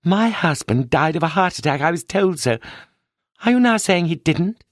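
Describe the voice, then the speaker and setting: A woman's voice: fairly low pitch, lively intonation, normal speed, no echo, clean studio sound, pitched above the performer's own voice. A man voicing a composed, sly middle-aged widow with a British accent in an audiobook. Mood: indignant. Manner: pleading, then dreamy sing-song.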